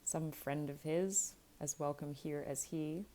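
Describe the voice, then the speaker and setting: A woman's voice: low voice, slow, mellow, a little hiss or hum. Woman reading a weary old grandfather. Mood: grave.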